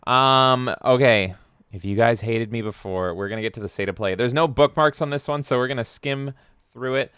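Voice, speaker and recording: A man co-hosts a podcast in casual live-stream chat, animated and quick to swear. His voice is smooth and resonant at a middle pitch. The sound is close and dry. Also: dry recording. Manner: animated, swears often, jokey. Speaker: podcast co-host.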